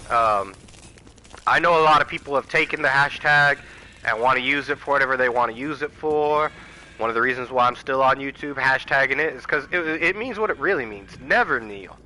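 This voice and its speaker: A man's voice: fairly high pitch, pushed and bright, low-quality recording. A man hosting his own channel, delivering a heated, profane political rant and addressing viewers directly as y'all. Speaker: channel host. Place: Arizona home.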